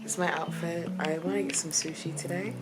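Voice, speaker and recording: A young woman chats to camera in a loose, giggly vlog style, stringing thoughts together with likes and ums. Her voice sits low for a woman. Loud music plays under her talk. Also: fairly even intonation, fairly quick. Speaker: vlogger.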